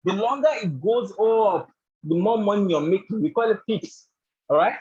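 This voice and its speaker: A man's voice: high-pitched, moderate pace, darkish tone, husky, lo-fi sound. A man teaching a live online trading bootcamp on a group call. He keeps checking in with his listeners, asking "do you understand?" and "right?", and he often says "actually". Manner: leans heavily on "actually" and "all of that". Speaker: trading instructor.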